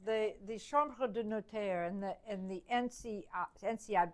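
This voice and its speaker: A woman's voice: medium pitch, normal speed. A woman hosting a casual Q&A in front of an audience, who laughs often and makes emphatic asides. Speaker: host. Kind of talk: casual Q&A talk. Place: room with a live audience.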